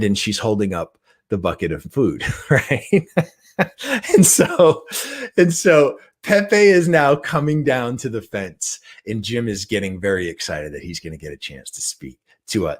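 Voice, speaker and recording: A middle-aged man giving a motivational talk, telling a story in an animated, conversational way and often checking in with the listener. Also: on the low side, slightly rough. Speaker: guest trainer and speaker.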